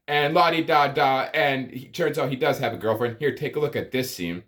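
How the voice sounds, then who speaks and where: A man's voice: on the high side, brisk, hardly any pauses, fairly bright tone. A man giving a profane comedic movie review, exasperated and ranting, with sighs and groans of disbelief. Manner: exasperated, swearing, sighing rants.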